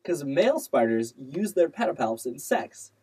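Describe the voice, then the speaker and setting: A man's voice: fairly high pitch, big pitch swings, moderate pace, mellow, husky, rough recording. A man hosting a casual chat, explaining things to friends in a playful, teasing way. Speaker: podcast host explaining spider facts.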